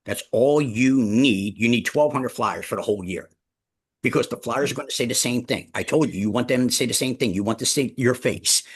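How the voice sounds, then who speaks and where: Husky-voiced man leading a team meeting. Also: medium pitch, a little fast. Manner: emphatic, repeats key phrases, addresses listeners as ladies and gentlemen. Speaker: real estate team leader and instructor. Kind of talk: motivational team meeting talk.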